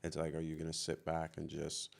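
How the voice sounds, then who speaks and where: A man's voice: extremely low pitch, completely flat delivery, brisk, vocal fry. A man hosting an interview, thoughtful and affirming, with plenty of fillers as he asks questions. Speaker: host. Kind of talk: conversational interview.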